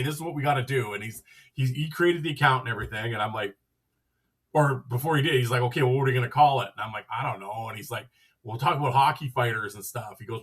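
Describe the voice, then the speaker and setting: A man hosts a podcast and tells a loose, rambling story, slipping into the other people's lines as he goes. His voice is husky, at a middle pitch for a man. He sits a little back from the microphone. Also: a bit bright, recorded from a distance. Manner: rambling, acts out quoted dialogue with "I'm like". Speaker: podcast host. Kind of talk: casual storytelling.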